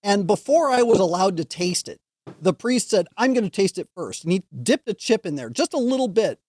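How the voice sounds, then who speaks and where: High-voiced man telling a lively story. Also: brisk, dry recording. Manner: animated storyteller, acts out dialogue. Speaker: guest. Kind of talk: casual chat, telling a story.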